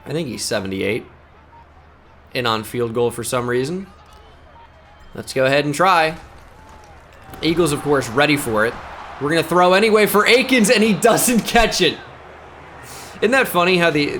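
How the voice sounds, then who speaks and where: A man giving live play-by-play commentary on his own video game, muttering to himself and shouting on big plays. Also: a little high, a little hiss or hum. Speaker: gaming YouTuber.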